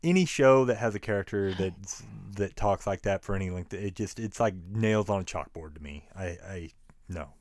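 A man's voice: deep voice, moderate pace, no room sound, clean studio sound. A man from the United States hosting a casual chat, ranting bluntly and swearing freely. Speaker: podcast host.

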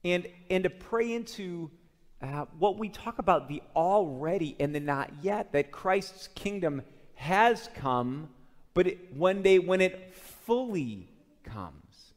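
A male pastor from the Chicago area delivers a sermon in a church sanctuary, his voice sitting somewhat high for a man. He speaks earnestly and keeps turning his teaching into heartfelt prayers to the Lord, and the room lingers on each phrase with a long reverb. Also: expressive, slow pace. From Chicago area, USA. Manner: earnest, steps into quoted prayers addressing the Lord. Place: church sanctuary during a communion service.

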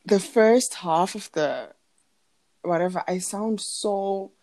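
A woman's voice: medium pitch, takes it slowly, darkish tone, no room sound. A young woman co-hosting a podcast in casual chat, rambling and laughing, with a sleepy morning voice. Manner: chatty, rambling, laughs often. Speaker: podcast co-host.

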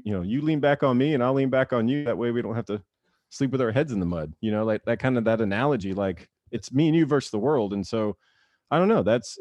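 A man's voice: fairly low pitch, dry recording. A man in his thirties, a former baseball player, telling stories casually in an interview and acting out the quotes. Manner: animated storyteller, acts out quotes, laughs often.

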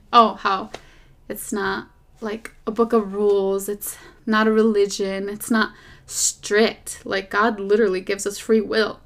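A woman hosting a podcast, chatting casually about faith and dating in a rambling, animated way, recorded as a phone voice memo. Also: mid-range voice, takes it slowly. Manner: rambling and animated, drifting off topic, lots of fillers. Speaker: podcast host.

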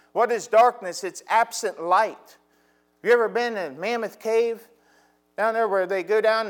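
High-voiced man preaching a sermon. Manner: preaching with swelling intensity, drawn-out emphatic phrases. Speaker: pastor.

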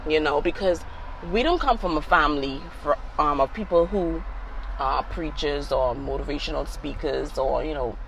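A middle-aged mother, guest on her grown son's show, chats casually and reflectively, filling her speech with "you know." Her voice is deep, fairly bright and moderately paced, though the audio is poor with slight hiss or hum.

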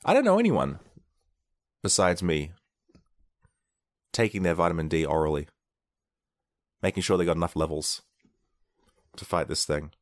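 A man's voice: deep voice, very animated, normal speed, long pauses, no echo, clean studio sound. A man rambling sarcastically in a comedic monologue, now and then acting out quoted people in short bursts while sick with a mild illness.

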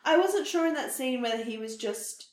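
A woman's voice: high voice, lively intonation, normal speed, echoey room. A woman co-hosting a podcast, chatting casually about a film and laughing readily. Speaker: podcast co-host.

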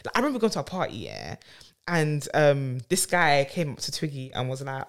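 A woman, telling stories in a casual podcast chat, animated and full of fillers and restarts. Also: very deep voice, a little fast. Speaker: podcast co-host.

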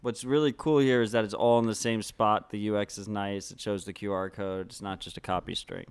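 This co-host of a podcast has a fairly low, smooth voice with fairly even intonation and no echo. His casual chat is halting and full of restarts, punctuated by enthusiastic asides.

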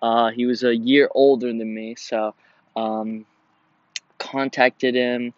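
A young man talks through his week in an easygoing, slangy way, full of fillers and false starts. His voice sits at an ordinary middle pitch. The recording is dry and a bit dull and lo-fi. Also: little pitch movement, takes it slowly, no echo. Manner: laid-back, slangy, many fillers and restarts. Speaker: podcast host. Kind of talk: casual storytelling monologue. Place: outdoors in nature.

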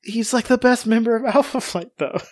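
A man's voice: very high-pitched, a little fast, dry recording. A man hosting a podcast, chatting casually and jokingly with lots of fillers. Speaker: podcast host. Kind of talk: casual chat.

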